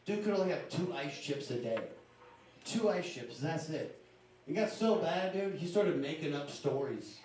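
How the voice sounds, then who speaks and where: A man's voice: a little high, animated, moderate pace, darkish tone. A young man from Louisiana doing a stand-up comedy set on a club stage, casual and confiding with punchy delivery. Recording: echoey club room from far off.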